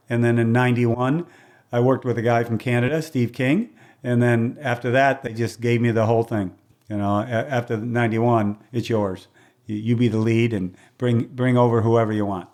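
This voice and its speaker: An older man, a race announcer as a guest, telling stories from his career in chatty, casual conversation and acting out what people said. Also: medium pitch. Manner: lively storyteller who acts out quoted dialogue; chatty, with restarts and throat clearing.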